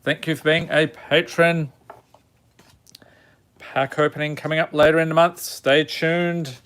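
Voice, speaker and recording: A man's voice: a little high, unhurried, clean tone. A man with a Chicago accent streaming a card-pack opening, reading out card names and chatting with his viewers. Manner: reads card names in a steady list, then chats with viewers. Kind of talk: casual live-stream chat.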